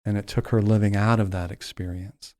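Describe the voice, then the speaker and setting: A low-voiced man tells a heartfelt story on a podcast. He lets his voice drop and slow at the tender moments, drawing the listener in. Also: steady tone. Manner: slows down and softens for emotional moments.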